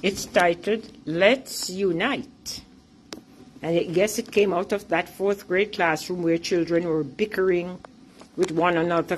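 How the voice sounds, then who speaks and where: A woman's voice: lowish voice, slight background noise. A middle-aged woman with a Jamaican accent, an earnest and emphatic teacher and artist giving a presentation about her artwork.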